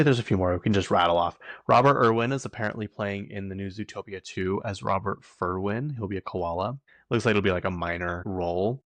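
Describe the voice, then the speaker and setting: Guy rambling on his podcast, kinda low voice, dry mic, laughs a lot. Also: no echo. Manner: chatty, animated, laughs often. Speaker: podcast host. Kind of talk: casual solo chat.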